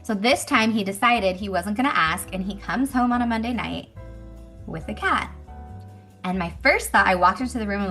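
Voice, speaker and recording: A woman in her thirties telling a story to a group in a chatty, animated way, acting out what people said. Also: mid-range voice, moderate pace, faint music behind. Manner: animated, chatty, acts out quotes. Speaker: speaker at a women's business meeting. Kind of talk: casual storytelling talk to a group.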